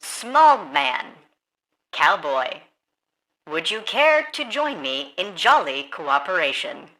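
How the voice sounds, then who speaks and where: A woman's voice: slow pace, full character voice, rough recording. A woman voicing a stiff, overly formal and oddly polite adventurer in a tabletop game. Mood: stiffly formal. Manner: stilted, formal phrasing with lively swings in pitch.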